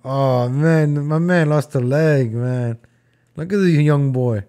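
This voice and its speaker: A man's voice: a little high, slow pace, dark tone. Joking young man reacting to old footage. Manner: joking, rambling, talks to viewers as folks and guys. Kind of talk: casual reaction commentary.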